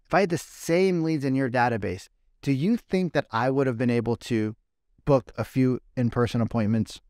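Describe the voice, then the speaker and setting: A man's voice: medium pitch, moderate pace, darkish tone, no room sound, clean studio sound. A middle-aged man, a guest sales coach, talks through anecdotes and rhetorical questions and often acts out the other side of a conversation. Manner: fires rhetorical questions and acts out dialogue in quoted voices.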